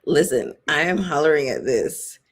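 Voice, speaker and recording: A woman hosting a casual live-chat commentary stream, chatting loosely with frequent fillers, shout-outs and asides to viewers. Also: low-pitched, animated, normal speed. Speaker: YouTube commentary host.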